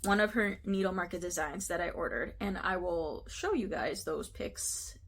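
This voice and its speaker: A woman's voice: lowish voice, moderate pace, a bit bright, slight background noise. Woman from the US, casual to-camera vlog, giggly and full of fillers. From United States. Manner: chatty, giggly, lots of fillers. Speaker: cross-stitch vlogger.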